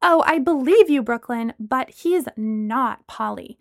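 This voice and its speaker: Woman reading as a blunt young woman friend, raised pitch. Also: lively intonation, slow pace, dry recording, studio quality, full character voice. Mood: indignant. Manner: indignant, lecturing.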